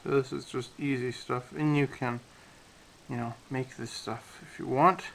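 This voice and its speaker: A man's voice: mid-range voice, unhurried, gravelly, slight background noise, poor audio. Man rambling through a model build. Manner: relaxed, rambling, with many fillers. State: out of breath. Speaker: scale model hobbyist. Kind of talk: casual build commentary.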